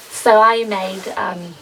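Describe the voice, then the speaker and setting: A young woman vlogging casually from her garden potting shed, rambling with lots of ums and soft laughs. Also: mid-range voice, creaky, distant mic, a little hiss or hum, rough recording. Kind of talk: casual chat to camera.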